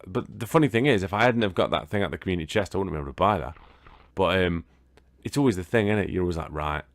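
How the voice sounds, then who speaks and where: A man's voice: low-pitched, animated, racing, no room sound, studio quality. A British man casually commentating as he plays a board game video game, rambling and swearing now and then. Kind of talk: casual let's-play commentary.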